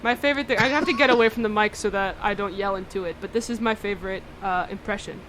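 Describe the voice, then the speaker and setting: A woman's voice: mid-range voice, fast talker, a bit bright, a little hiss or hum. A young woman hosting a casual college radio show, chatty and bubbly, laughing often.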